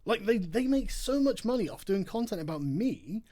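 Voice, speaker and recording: A man with a slightly high voice talks casually on a livestream late at night, tired but still mocking. He laughs often and swears freely as he reads comments. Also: sing-song, moderate pace, dark tone. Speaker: livestream host. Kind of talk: casual livestream chat reading super chats.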